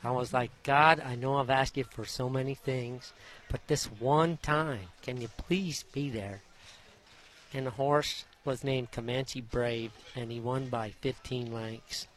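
A man, a former jockey, telling stories from his riding career in a folksy, animated way in an interview, acting out the voices of the people in them. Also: medium pitch, measured pace. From Idaho. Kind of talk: interview storytelling.

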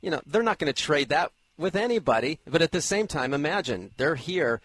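A man working as a racing analyst on radio, explaining the contenders in a fluent, energetic way. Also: a little high, fairly quick, no room sound. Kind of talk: horse racing radio talk.

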